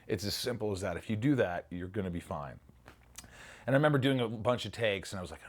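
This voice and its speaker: Animated middle-aged man, lowish voice. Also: fast talker. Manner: animated storyteller, swears freely, acts out lines. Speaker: actor being interviewed. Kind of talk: casual interview reminiscing.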